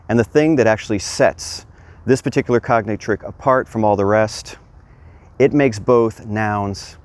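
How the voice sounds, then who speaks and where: A man's voice: lowish voice, a little mellow. A man teaching a video language lesson outdoors, upbeat and explanatory, spelling out letters as he goes. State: sweating in the heat. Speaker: Spanish teacher. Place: outdoors in hot weather.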